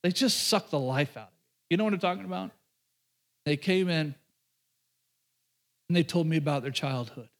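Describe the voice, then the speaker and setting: A pastor with a fairly high voice preaches to his congregation. He talks in a conversational way, throws in joking asides, and often repeats phrases and restarts his sentences as he goes. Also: moderate pace, long pauses. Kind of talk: sermon.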